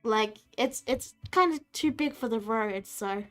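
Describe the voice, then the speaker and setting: A woman guides a tabletop game as dungeon master in a playful, rambling style. Her voice sits fairly high. Faint music plays in the background. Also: measured pace.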